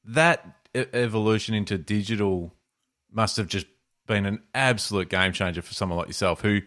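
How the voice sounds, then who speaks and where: A man's voice: on the low side, moderate pace, a bit bright. A man co-hosting a casual podcast, laughing along and stumbling over restarts as he talks. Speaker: podcast co-host.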